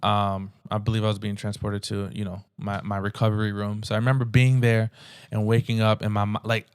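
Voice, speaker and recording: A man hosting a podcast, telling his own story in a halting way with many restarts and fillers. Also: lowish voice, flat delivery, smooth, no echo. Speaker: podcast host. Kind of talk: personal storytelling.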